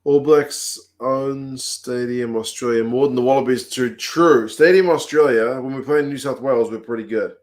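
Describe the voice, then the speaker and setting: A New Zealand man hosting a livestream, chatting casually and answering viewer comments aloud in a relaxed, talkative way. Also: mid-range voice, normal speed, hardly any pauses. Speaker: livestream host. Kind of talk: casual chat reading comments.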